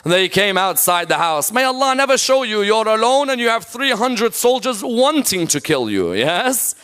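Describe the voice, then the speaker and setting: A man's voice: high voice, sing-song, moderate pace, sharp tone, clean tone. A man delivering a religious sermon, telling a tragic story and rising into a chant-like lament. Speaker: Islamic lecturer.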